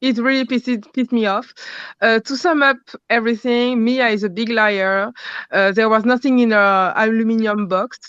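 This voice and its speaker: A woman with a French accent, a caller speaking bluntly in casual chat, often pausing to search for English words. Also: on the high side, fairly even intonation, a bit bright, clear, resonant tone, no room sound, muffled recording.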